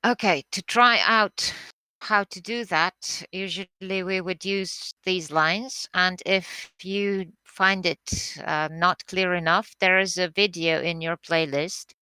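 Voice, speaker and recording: Slow, bright-voiced woman lecturing. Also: on the low side, fairly even intonation, clean tone, no echo. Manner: careful, explanatory, with frequent fillers and restarts. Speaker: teacher. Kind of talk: recorded lecture on poetry meter.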